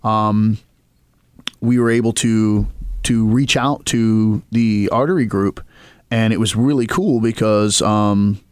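A man's voice: fairly low pitch, slow pace, clear, resonant tone, no echo. Dry-sounding man telling band stories. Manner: animated storyteller, acts out quotes. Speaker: band member guest. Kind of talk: casual podcast chat. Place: podcast studio.

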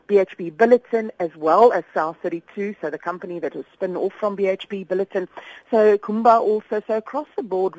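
A woman's voice: lowish voice, a little mellow, dry recording, poor audio. A South African woman giving business commentary on the radio, earnest and full of fillers and restarts. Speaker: market analyst.

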